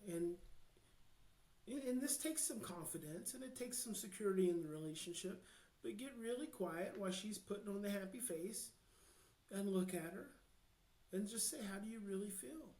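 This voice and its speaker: An American man, a guest expert on a podcast, talking passionately and earnestly, dropping to a hush and then building to emphatic points. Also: sits high, expressive, reverberant, low-quality recording. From United States. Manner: passionate, slows down to near-hushed then swells with emphasis. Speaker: guest, child behavior expert. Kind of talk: podcast interview, earnest advice.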